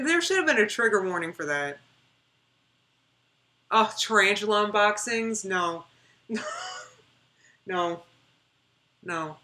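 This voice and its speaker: A woman's voice: lowish voice, bright, forceful tone. A woman in her thirties chatting casually on a reaction livestream, emphatic and repeating words for stress. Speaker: streamer.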